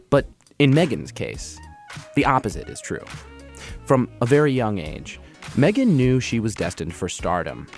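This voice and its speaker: A man hosting a storytelling comedy show, giving a dry, measured, scripted introduction. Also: on the low side, a little mellow. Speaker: show host. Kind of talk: scripted narration.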